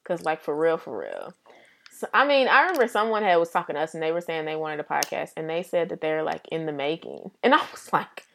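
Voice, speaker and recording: A young woman co-hosting a podcast, chatting casually, excitable and slangy, often laughing. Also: low-pitched, brisk, gravelly, slight background noise. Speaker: podcast co-host. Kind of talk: casual chat.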